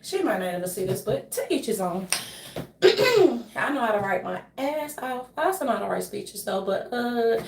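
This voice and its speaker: A woman's voice: fairly high pitch, very animated, moderate pace, creaky, darkish tone. A woman vlogger talking in a loose, jokey, rambling monologue and swearing freely. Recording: echoey room, voice from a distance.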